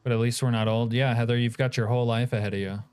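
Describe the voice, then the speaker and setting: A man's voice: medium pitch, level tone, fast, a little mellow, clean tone. A man streaming a game, chatting casually and joking as he reacts to his chat.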